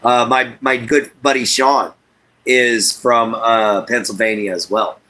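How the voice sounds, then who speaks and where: A middle-aged man from Southeast Texas, chatting casually and haltingly with his livestream viewers by name, with lots of fillers. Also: medium pitch, little pitch movement, pushed and bright. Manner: unhurried, halting, many fillers, talks to chat by name. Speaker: livestream host.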